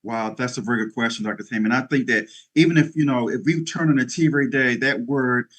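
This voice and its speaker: A man's voice: mid-range voice, fast, a bit bright. A middle-aged man giving an interview as a guest speaker, talking in an emphatic, preacherly way with bursts of energy. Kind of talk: motivational interview talk.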